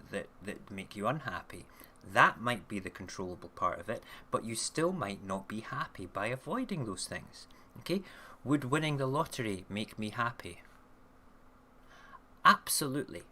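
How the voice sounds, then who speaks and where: Rambling man with a lowish, bright voice. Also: slight background noise. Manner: rambling and chatty, often checking in with "okay?". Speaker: online radio show host. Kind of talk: casual monologue commenting on news stories. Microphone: camera mic, recording himself on video.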